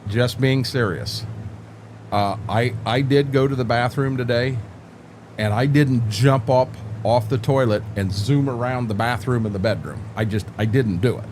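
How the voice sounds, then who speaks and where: A man's voice: mid-range voice, normal speed, a little mellow, slight background noise. Folksy older man chatting on a stream. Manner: rambling, folksy, joking, repeats words. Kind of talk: casual live-stream chat with viewers.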